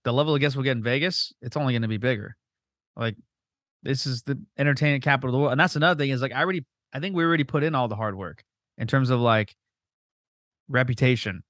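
Guy hosting a podcast, talks quick, swears a lot, plays out quotes, dry close mic. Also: mid-range voice, no echo. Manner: profane, animated, quick storytelling with voiced quotes. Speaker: podcast host. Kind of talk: casual chat.

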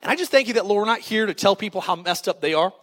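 A man's voice: high-pitched, rapid-fire. A man preaching a sermon to a congregation, reading scripture and prompting the crowd to repeat words back. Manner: lively preaching with call-and-response to the congregation. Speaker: pastor. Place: church auditorium. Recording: long reverb of a large church hall.

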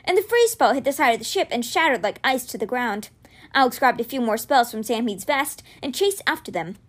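A woman reading a children's fantasy novel aloud, narrating expressively. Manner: expressive, voices dialogue with raised pitch. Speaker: reader.

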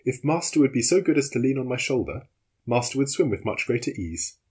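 A man with a husky voice voicing a calm, loyal young male servant who speaks politely and formally in a storybook reading. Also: medium pitch, brisk, voice pushed up. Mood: composed.

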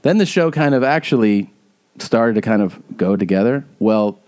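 A man hosting a podcast, telling an animated story and acting out the people in it. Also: fairly low pitch, normal speed. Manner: animated storyteller who acts out quotes. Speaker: podcast host. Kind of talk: casual chat.

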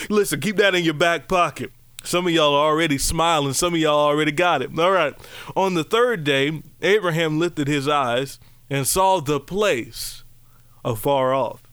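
A man preaching a lively, conversational sermon, breaking into high exclamations and playful asides. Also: clear, resonant tone, dry recording.

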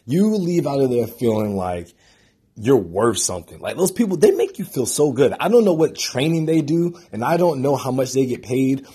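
A young man talking to his camera in a casual vlog, excitable and emphatic, often jumping to high, animated peaks, still recovering from a headache. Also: moderate pace, breathy edge. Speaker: vlogger.

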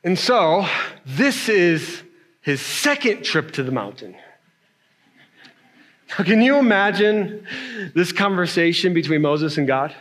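A man preaching a sermon, animated and emphatic, checking in with his listeners often. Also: high-pitched, slow, long pauses. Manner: animated, emphatic preaching with frequent "right?" tags. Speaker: pastor.

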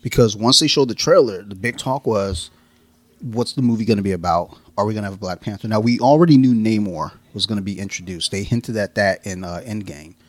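Joking American man with a low, dry voice. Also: a little fast, no echo. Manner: jokey, profane, acts out quotes, laughs often. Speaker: podcast co-host. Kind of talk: casual chat.

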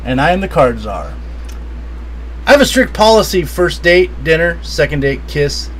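A man reading out party game cards and keeping score in a casual, excitable, laughing way. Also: moderate pace, a little hiss or hum, rough recording. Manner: excitable, laughing, swings loud and high. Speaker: player.

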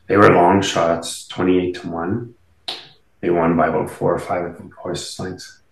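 A man's voice: deep voice, vocal fry, echoey room, low-quality recording. A man, a medium and interview guest, telling stories casually in a rambling way with many fillers and restarts. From Canada. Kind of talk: casual storytelling.

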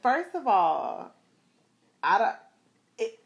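A woman in her thirties from South Florida tells a personal story to her viewers at an unhurried pace. She laughs often and talks in a loose, slangy, animated way, speaking right to the camera. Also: fairly high pitch, muffled recording.

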